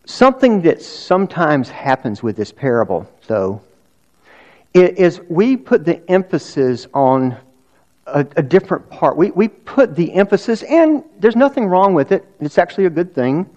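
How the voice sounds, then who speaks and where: A man's voice: sits high, very animated, normal speed, darkish tone, highs cut off. A male pastor preaching a sermon in a conversational way, with restarts and rhetorical questions.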